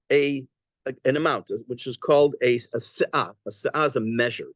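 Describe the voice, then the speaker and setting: A man's voice: medium pitch, a bit bright, no room sound. A man teaching a Torah class, translating Aramaic phrase by phrase and explaining it in a conversational way with small restarts. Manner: halting restarts and fillers while explaining.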